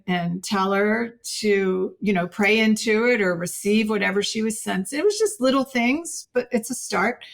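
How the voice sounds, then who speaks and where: This middle-aged woman is a podcast guest with a mid-range voice. She tells a personal faith story earnestly and with animation, acting out the dialogue she quotes.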